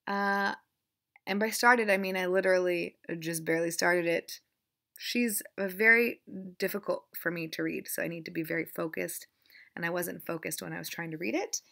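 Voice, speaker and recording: Gravelly bright-voiced young woman chatting. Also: fairly low pitch, steady tone, normal speed. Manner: rambling, self-deprecating, chatty. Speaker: book vlogger. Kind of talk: casual chat.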